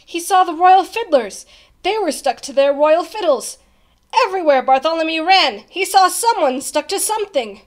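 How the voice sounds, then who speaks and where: A woman reading a children's picture book aloud as a storyteller, with expressive, animated delivery. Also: extremely high pitch, moderate pace.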